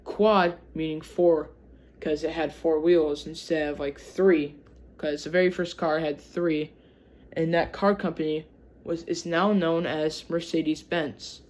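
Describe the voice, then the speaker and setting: With a Michigan accent, this channel host reads history aloud in a slightly mellow, mid-range voice, fairly even in intonation and a little slow. They break off into chatty asides and frequently trip over words.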